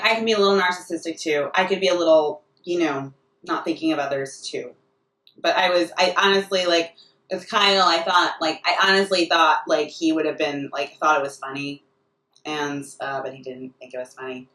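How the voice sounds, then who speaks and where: A woman's voice: fairly low pitch, a bit bright. A woman delivering a rambling comic monologue, often restarting her sentences. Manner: rambling and self-interrupting, full of restarts. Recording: echoey room, distant mic.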